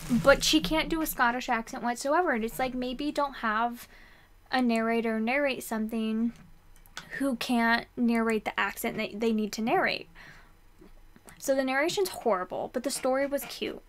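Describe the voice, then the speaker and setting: A young woman talks through her reading month in a loose, chatty way, circling back and restarting her thoughts. Her voice sits a little high and she fills the pauses with ums. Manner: chatty, rambling, lots of fillers and restarts. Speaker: book vlogger. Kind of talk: casual book review chat.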